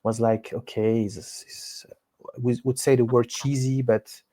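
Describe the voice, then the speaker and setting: A man's voice: medium pitch, level tone, unhurried, dark tone. A man with a French accent answering interview questions in a hesitant way. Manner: hesitant, many fillers and restarts. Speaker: guest.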